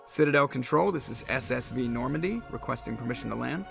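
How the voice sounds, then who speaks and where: Gravelly wisecracking pilot. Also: male voice, medium pitch, lively intonation, fast. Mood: wry. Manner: dry, sarcastic quips. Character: wisecracking male starship pilot. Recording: game audio under loud music.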